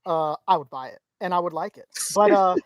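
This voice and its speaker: A woman's voice: fairly low pitch, brisk, no room sound, highs cut off. A woman co-hosting a casual live-stream podcast, reading viewer comments aloud in a chatty way with frequent restarts. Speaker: podcast co-host reading chat.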